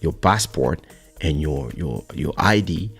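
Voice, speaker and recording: A man hosting a podcast, chatting casually as an animated storyteller who laughs often. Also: extremely low pitch, slow pace, creaky, husky, faint music behind. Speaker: podcast host. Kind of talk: casual chat.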